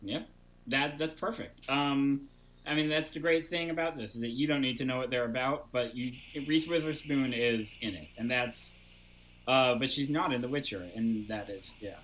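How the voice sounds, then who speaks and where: A man's voice: medium pitch, moderate pace, fairly bright tone, a little hiss or hum, rough recording. A man hosting an improv comedy show over a video call, joking playfully and trailing off with fillers. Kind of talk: casual comedic banter.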